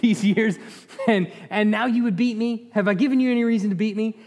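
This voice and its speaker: A man's voice: sits high, a little fast, darkish tone, pitched above the performer's own voice, natural voice. A man voicing a hurt, put-upon talking donkey that speaks in a plaintive, reproachful way, recorded in an echoey hall.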